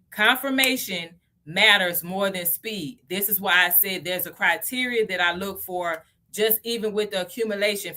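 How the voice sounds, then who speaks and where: A woman in her thirties with a Southern accent from Tennessee hosts a relaxed livestream lesson. Her voice is bright and forward at a middling pitch. She talks chattily to her viewers and keeps checking in with a quick "okay?". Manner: chatty, asks "okay?" often, addresses viewers as y'all. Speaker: crypto livestream host. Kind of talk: casual livestream teaching.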